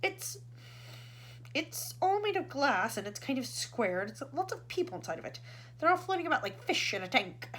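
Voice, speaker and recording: Give me a rattled male astronaut, as a woman puts him on, exclaiming high and excited with a bouncing, lively voice in a storybook reading. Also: moderate pace, husky, exaggerated voice.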